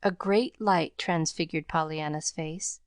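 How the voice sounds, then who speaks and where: A woman reading an audiobook aloud in measured, even scripted narration. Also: sits low, dry recording, studio quality.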